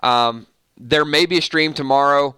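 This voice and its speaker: A man hosting a casual livestream, chatting loosely and rattling off supporters' names with quick thank-yous. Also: a little high, pushed and bright, clean tone, no room sound, studio quality. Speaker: livestream host.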